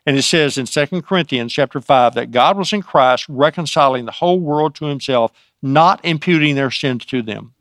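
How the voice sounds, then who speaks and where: A man's voice: mid-range voice, moderate pace, few pauses, fairly bright tone, no echo, studio quality. A man teaching from the Bible in an informal way. He adds his own asides as he retells scripture.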